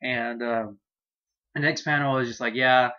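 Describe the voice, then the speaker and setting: A man giving a casual manga chapter review, excitable and profane, laughing as he loosely retells scenes. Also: mid-range voice, moderate pace, dull audio.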